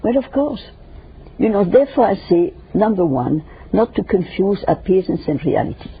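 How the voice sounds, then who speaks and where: An older woman guest in an interview discussion, speaking emphatically and lecturing in numbered points with a raspy, gravelly voice. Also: on the low side, expressive, moderate pace. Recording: dull lo-fi radio recording.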